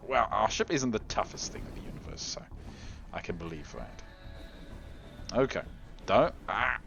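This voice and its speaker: Lively, giggly man narrating gameplay. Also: on the low side, lo-fi sound. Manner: chatty, giggly, trails off into quiet mutters. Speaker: game video host. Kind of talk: gameplay commentary.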